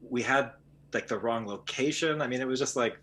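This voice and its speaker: A young man as a podcast guest, recalling a story in a relaxed, rambling way. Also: medium pitch, brisk. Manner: relaxed, rambling recollection with fillers. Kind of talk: casual conversation.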